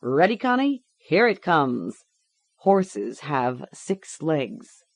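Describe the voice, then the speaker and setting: A woman's voice: low-pitched, very animated, no room sound, full character voice. A woman voicing a cold, clinical male doctor who coaxes and commands a child during a treatment. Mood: coldly coaxing. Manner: brisk, coaxing, commanding.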